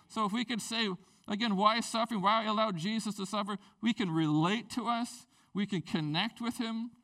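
A man preaching a conversational sermon, acting out the people in the story and swinging between loud bursts and hushed, intimate passages. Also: sits high. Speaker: pastor.

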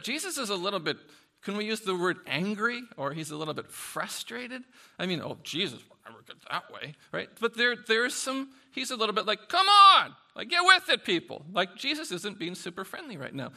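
A man preaching a sermon in an animated, conversational way, swinging from soft asides to loud bursts. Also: high voice, vocal fry. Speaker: pastor.

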